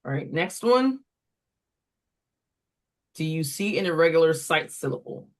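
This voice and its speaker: Slow, deliberate reading instructor. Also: medium pitch, lively intonation. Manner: deliberate, sounds words out syllable by syllable. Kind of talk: instructional walkthrough for tutors.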